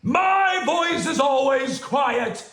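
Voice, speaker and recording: Brief: dad putting on a grumpy pompous storybook bear, huffy and raised, roomy home echo. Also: male voice, mid-range voice, wildly swooping pitch, a little slow, heavily acted. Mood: shouting. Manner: huffy, haughty, grows louder. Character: grumpy fussy male bear, pompous, easily annoyed.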